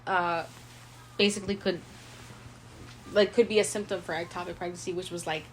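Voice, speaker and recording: Her story comes out chatty and lively: a twenty-something podcast co-host leans on "like" constantly and acts out what she was thinking at the time. The voice is lowish at a normal speed, with slight background noise.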